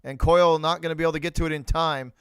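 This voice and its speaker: A man with a light Boston accent calls a hockey game live, play by play, for a fan stream. His voice sits a bit high and comes through smooth, clean and dry up close. He chats with his viewers between plays and roots openly for his side. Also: fairly even intonation, very fast, no room sound. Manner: chatty, rooting for Boston, talks to chat viewers. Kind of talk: live play-by-play commentary to chat.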